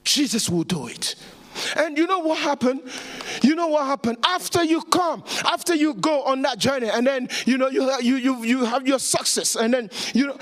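High-voiced impassioned male preacher. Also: lively intonation, a little slow. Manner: impassioned, repeats phrases, rises to shouts; frequent stammered restarts. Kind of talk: sermon.

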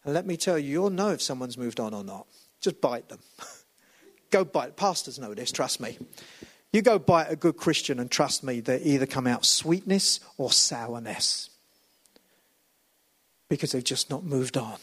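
A man preaching a sermon, walking about as he talks, swinging between loud emphatic highs and low hushed lines. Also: expressive, measured pace, pauses often, husky. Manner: walks about while preaching. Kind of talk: lively sermon.

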